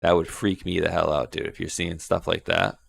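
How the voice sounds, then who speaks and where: Casting: deep, gravelly male podcast host, loose and rambling. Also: fairly even intonation, moderate pace, a bit bright, dry recording. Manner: rambling with many fillers. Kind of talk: casual chat.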